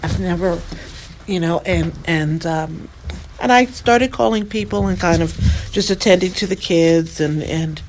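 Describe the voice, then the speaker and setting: A middle-aged woman guest on a podcast, telling a deeply personal story in a soft voice that sometimes sinks to near-whispers. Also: a little slow, slight background noise, poor audio. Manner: soft-spoken, drops to near-whispers at tender moments.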